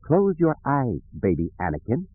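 A man's voice: medium pitch, normal speed, breathy edge, voice pushed up. Prim grandmotherly nanny droid, voiced by a man. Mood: calm, firm. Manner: calm, prim emphasis. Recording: dry tinny phone-like recording.

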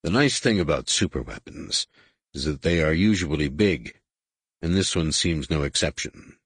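Audiobook: male reader as a prickly young warrior, curt and formal, deep husky voice. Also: animated, normal speed, a bit bright, no room sound, full character voice. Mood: proud formal.

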